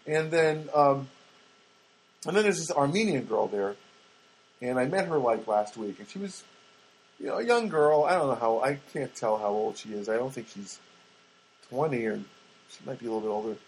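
A podcast host rambles through comic stories, chatty and self-interrupting, full of asides. His medium-pitched voice is animated and breathy-edged, moving at a moderate pace with frequent pauses, and the audio is poor.

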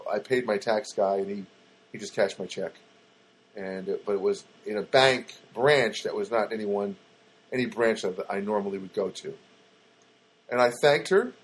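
A man with a low, husky voice hosts a rambling comedic monologue, packed with fillers, self-corrections and sarcastic asides. The recording quality is low.

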